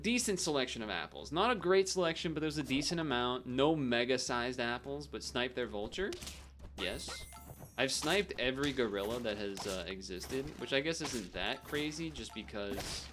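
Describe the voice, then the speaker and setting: A man with a mid-range, slightly bright voice streams a game, chatting casually and rambling through a story while chuckling often. It's laid-back gameplay commentary with slight background noise.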